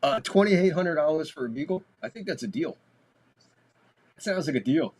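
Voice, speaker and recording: A man's voice: fairly high pitch, animated, normal speed. A man hosting a live baseball stream, giving casual play-by-play, talking loosely and swearing freely. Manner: loose, talky, swears freely, gets loud on big plays. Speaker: host doing live baseball commentary.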